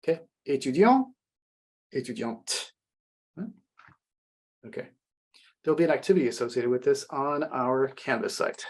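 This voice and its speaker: Guy teaching french, kinda husky, medium voice, slows down on the french words then translates. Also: medium pitch. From United States. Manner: explanatory, repeats French phrases slowly then translates. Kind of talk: classroom language lesson.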